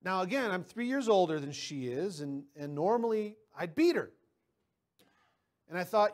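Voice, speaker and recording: Man, pastor, high voice, conversational sermon, repeats words at sentence starts. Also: sing-song, moderate pace. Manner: conversational preaching with personal anecdotes.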